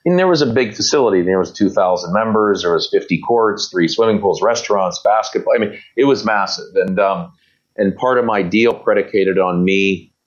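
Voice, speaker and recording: A man's voice: on the low side, moderate pace, dull audio. A man being interviewed, telling long anecdotes in a casual, rambling way, with many fillers and restarts and quoted voices of other people. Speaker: guest.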